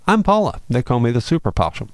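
A man's voice: medium pitch, very animated, fast talker, no room sound. A man voicing a cheerful flying female possum hero in a storybook read-aloud, friendly and folksy. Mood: chipper.

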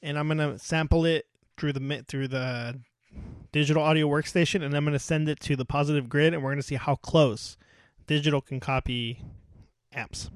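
Jokey podcast co-host, dry sound. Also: male voice, fairly high pitch, fairly even intonation, moderate pace, no echo. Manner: jokey, laughs often. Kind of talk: casual chat.

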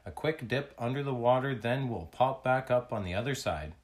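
Guy doing a friendly lady seal, calm and reassuring, storybook. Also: mid-range voice, normal speed, pitched above the performer's own voice, close to an everyday voice. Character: kind helpful female seal.

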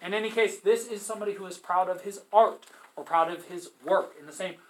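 A man's voice: sits high, fairly quick, roomy sound, a little hiss or hum, rough recording. A male teacher giving a conversational literature lecture, asking his students rhetorical questions and reading passages aloud.

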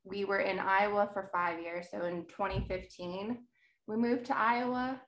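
A woman in her thirties from New Jersey is a podcast guest, chatting casually in a rambling way and laughing easily. Her medium-pitched voice is steady and a little slow, recorded in an echoey room.

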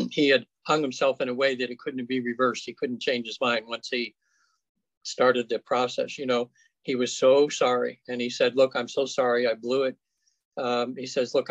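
A man, a guest on an interview show, recounts cases in a casual, halting way full of fillers and restarts. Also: mid-range voice, no echo, lo-fi sound. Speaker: afterlife researcher guest.

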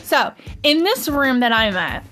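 A woman's voice: high-pitched, very animated, measured pace, bright, forceful tone, soft background music. A woman hosting a podcast, telling a personal story in a casual, rambling way full of "um" and "like". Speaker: podcast host.

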